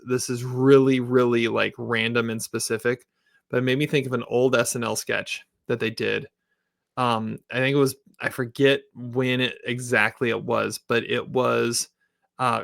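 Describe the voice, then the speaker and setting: A man's voice: mid-range voice, gravelly, fairly bright tone. A man co-hosting a casual TV review podcast, a teacher who rambles and laughs a lot. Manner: rambling, chatty, laughs often.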